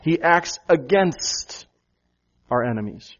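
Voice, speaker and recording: Slow, lo-fi preaching man. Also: fairly high pitch, expressive, a bit bright. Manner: preaching with rhetorical questions and repetition. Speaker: pastor. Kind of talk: sermon. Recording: dull, lo-fi sound.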